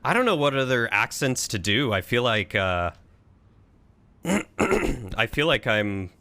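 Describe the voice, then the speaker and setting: A man's voice: mid-range voice, big pitch swings, slow, bright, forceful tone. A man casually thinking aloud while streaming a strategy game, chatting with and thanking his viewers. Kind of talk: casual live-stream commentary.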